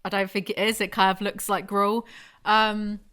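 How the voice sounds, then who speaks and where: A woman's voice: mid-range voice, flat delivery, normal speed, a bit bright, smooth. A young woman hosting a podcast, chatting casually in a rambling, self-deprecating way. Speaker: podcast host.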